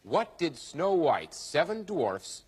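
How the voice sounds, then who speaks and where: A man hosts a TV game show with jokey, upbeat banter, his voice high and bouncing. Loud studio audience noise fills the background of this old broadcast. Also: very animated, slow.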